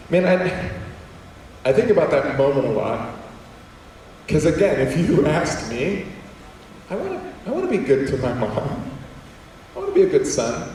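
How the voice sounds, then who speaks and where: A young adult man telling funny stories as a guest speaker in a large school auditorium, animated and acting out quotes in voices. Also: mid-range voice, normal speed, long pauses, a little hiss or hum. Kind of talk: comedic storytelling talk. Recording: echoey hall, distant mic.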